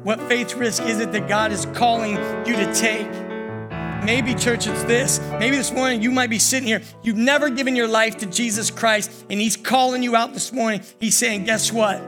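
An older man preaching a sermon in a church, pausing often and calling out "church". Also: very high voice, steady tone. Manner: preaching with many pauses, repeating "church". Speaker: pastor. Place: church sanctuary. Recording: worship music under the voice. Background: soft piano and keyboard.

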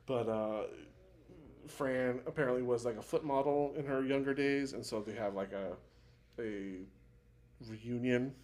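A man's voice: mid-range voice, a little slow, a little mellow. This is a man with a middle-of-the-road voice, co-hosting a chatty podcast. He rambles through a show's plot with constant fillers and false starts. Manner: rambling retelling full of "like" fillers and restarts. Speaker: podcast co-host. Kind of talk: casual chat recapping a TV show.

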